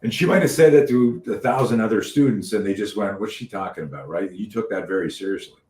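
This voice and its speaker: A man hosting a podcast interview, telling stories in an animated way, swearing freely and often restarting his sentences. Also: lowish voice, a little fast, reverberant, far from the mic, low-quality recording. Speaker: podcast host. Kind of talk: casual interview chat.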